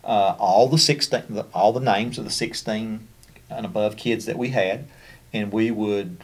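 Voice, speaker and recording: A man's voice: lowish voice, fairly even intonation, unhurried, breathy edge. A man with a Kentucky accent presenting a special education training over slides, in a conversational way with frequent fillers and restarts.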